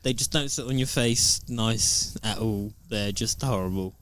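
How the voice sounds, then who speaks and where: A man's voice: on the low side, a little slow, a bit bright. A man co-hosting a casual podcast, blunt and joking. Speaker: podcast co-host. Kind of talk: casual chat.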